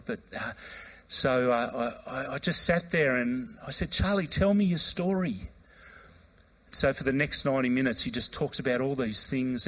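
A man, a pastor preaching a sermon, telling a personal story and acting out the voices in it. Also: medium pitch. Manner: animated, acts out quoted voices, loud outbursts when retelling.

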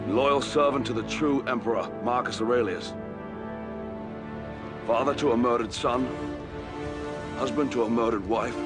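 A man's voice: on the low side, natural voice. An actor playing a grave, commanding Roman general who declares his vengeance in a solemn, rising speech, heard as a film clip. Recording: film clip with loud music underneath.

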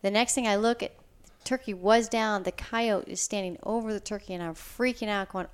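A woman telling her own story in casual chat, animated and excitable, acting out what she said. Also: mid-range voice, moderate pace, clean tone. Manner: animated, excitable, quotes herself.

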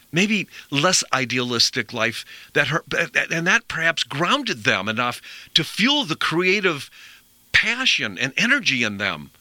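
A middle-aged male radio host with a very bright, forward voice, recorded dry and close on a studio mic. He talks earnestly about health, rambling and doubling back on his words. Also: on the high side, no echo. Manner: rambling, earnest, repeats himself. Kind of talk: conversational health talk.

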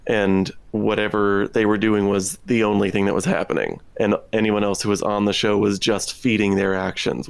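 A man's voice: fairly low pitch, vocal fry, no room sound. A man co-hosting a podcast, talking thoughtfully in a casual discussion with some dry sarcastic humor. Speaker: podcast co-host.

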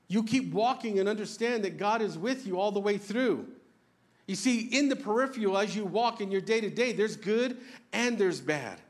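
Male pastor with a high voice, earnest conversational sermon, self-deprecating asides. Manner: earnest, conversational preaching with rhetorical questions.

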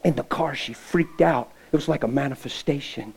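A pastor preaching a sermon with stories, impassioned and folksy, swinging from loud to hushed. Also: male voice, mid-range voice, normal speed, creaky, rough recording. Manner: folksy, plain-spoken. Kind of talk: sermon with storytelling.

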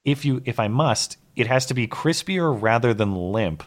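A young man with a hoarse, fading voice, co-hosting a live call-in podcast and rambling casually through restarts. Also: medium pitch, expressive, normal speed. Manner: rambling, self-deprecating, many restarts. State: hoarse, losing his voice. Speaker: podcast co-host.

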